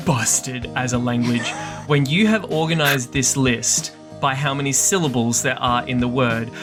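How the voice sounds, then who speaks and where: A podcast co-host talking in a chatty, animated way and laughing easily. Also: mid-range voice, measured pace, over music. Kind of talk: casual podcast chat.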